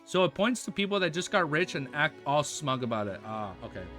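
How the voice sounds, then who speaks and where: A man's voice: fairly high pitch, big pitch swings, brisk, bright, forceful tone, faint music behind. A young American man reading a web novel aloud on a stream, stumbling over words and chatting with viewers in a casual way. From United States.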